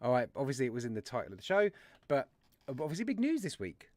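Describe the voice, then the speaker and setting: A man's voice: medium pitch, wildly swooping pitch, fast, no room sound. A man hosting a casual livestream, chatty and jokey as he greets viewers by name. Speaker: livestream host. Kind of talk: casual live-stream chat.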